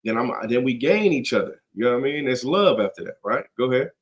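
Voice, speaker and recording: A man's voice: medium pitch, expressive, quick pace. A man leading a casual scripture study in a conversational, slangy way, often checking in with "you get what I'm saying.".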